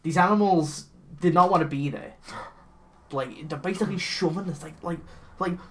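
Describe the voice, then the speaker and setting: Animated, sweary man recapping a film. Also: on the high side, moderate pace, slight background noise. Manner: animated, swearing, mimics characters mid-story. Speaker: podcast co-host. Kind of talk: casual comedic recap.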